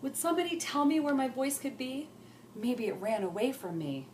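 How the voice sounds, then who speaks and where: A woman voicing a loud, proud little girl, shouting and dramatic in a storybook reading. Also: high-pitched, very animated, moderate pace, slight background noise, pitched above the performer's own voice. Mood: dismayed. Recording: roomy echo.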